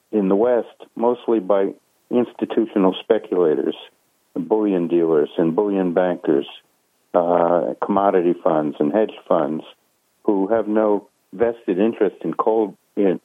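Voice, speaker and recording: A man with a very low voice speaks as a guest analyst over a tinny phone line. He talks in a measured way, stopping often on fillers and restarts. The sound is dry and close, with no room around it. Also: no echo. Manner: measured, hesitant with many fillers. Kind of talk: phone interview.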